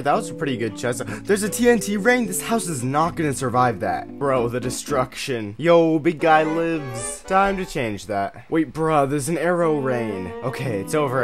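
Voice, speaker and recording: A man giving jokey, excitable commentary on a video game as a YouTuber. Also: mid-range voice. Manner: jokey, fast-switching, excitable. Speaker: gaming YouTuber. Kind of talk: comedic gaming commentary. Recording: background music.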